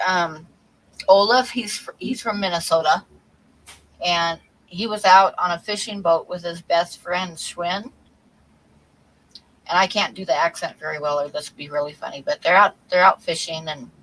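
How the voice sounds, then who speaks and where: A woman's voice: lowish voice, moderate pace, fairly bright tone, rough recording. A woman hosting a livestream, chatting casually and telling corny jokes, then apologizing for them. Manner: joking, apologetic about bad jokes. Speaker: livestream host.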